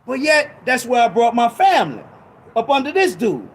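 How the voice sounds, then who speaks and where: A man in impassioned, preachy talk on a ministry show, emphatic and repetitive, with casual slang, at times rising to shouts. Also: extremely high pitch, big pitch swings, moderate pace, husky. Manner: conversational street slang.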